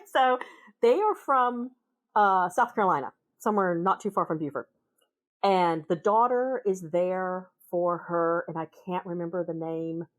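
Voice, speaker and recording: Woman with a Minnesota accent, chatty guest, animated anecdote-teller. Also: lowish voice, measured pace. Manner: animated, acts out voices in her anecdotes. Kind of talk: casual storytelling conversation.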